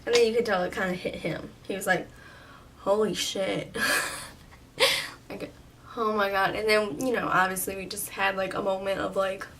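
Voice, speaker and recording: A woman's voice: mid-range voice, flat delivery, normal speed, fairly bright tone. Young woman rambling thru a storytime vlog, sits back from the cam, faint hiss behind. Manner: chatty, lots of "like", laughs often. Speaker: vlogger. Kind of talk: casual storytime. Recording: slightly distant, faint room noise.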